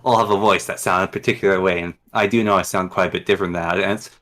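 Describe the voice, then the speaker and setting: A man's voice: deep voice, fairly even intonation, very fast, fairly bright tone. A man with a Northwestern Canadian accent, a guest chatting casually, rambling with many ums and restarts. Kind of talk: casual interview chat.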